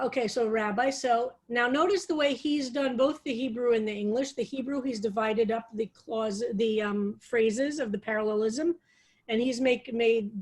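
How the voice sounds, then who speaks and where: A woman rabbi leading an online psalm study, reading verses aloud slowly and explaining them with thoughtful enthusiasm. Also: fairly high pitch. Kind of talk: online text study class.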